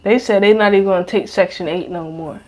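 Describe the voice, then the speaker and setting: A young woman talks straight into a podcast mic in a loose, rambling monologue. Her speech is slangy and heavy with cursing and fillers, and her pitch sits in the middle range for a woman. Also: quick pace. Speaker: podcast host. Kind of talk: casual monologue.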